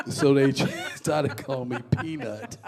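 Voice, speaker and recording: An older man from Massachusetts spins stories about his life, animated and full of laughter. He is a band singer talking as a guest in a basement studio. His voice sits in a plain middle pitch. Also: slight background noise. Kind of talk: casual storytelling.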